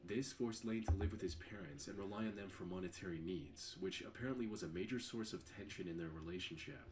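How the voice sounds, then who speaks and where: A man reading a scripted true-crime narration in an even, measured way. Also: low voice, background noise.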